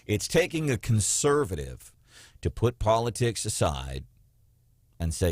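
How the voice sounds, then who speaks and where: Animated, mocking talk radio host. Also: male voice, lowish voice, unhurried, pauses often, dry recording, clean studio sound. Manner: animated, mocking, puts on quoted voices. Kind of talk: political talk radio chat.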